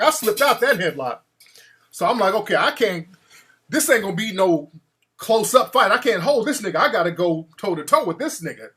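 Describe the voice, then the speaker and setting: A man hosting a call-in show, telling a story in an animated, profane way and acting out the quotes. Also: sits high. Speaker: radio show host.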